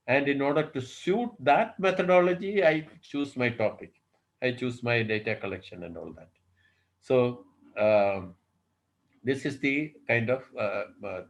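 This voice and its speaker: Professor lecturing, full of fillers. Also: male voice, mid-range voice, poor audio. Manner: unhurried, thinks aloud with many "uh, you know" fillers and rhetorical questions. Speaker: professor giving a workshop lecture. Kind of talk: online lecture. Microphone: video call.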